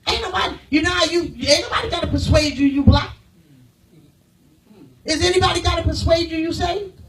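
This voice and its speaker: A woman pastor delivers an emphatic sermon in a high voice, throwing rhetorical questions to her congregation. She swings between loud declarations and hushed, almost whispered lines. Her voice is picked up from some distance in the church. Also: fairly quick.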